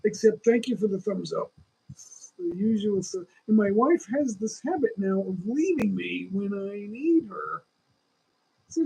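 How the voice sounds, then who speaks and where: Gravelly high-voiced man in his sixties. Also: animated, measured pace, darkish tone, poor audio. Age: 60s. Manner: rambling, opinionated, talks straight to chat. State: lingering cough. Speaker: livestream host. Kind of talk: casual livestream chat with viewers.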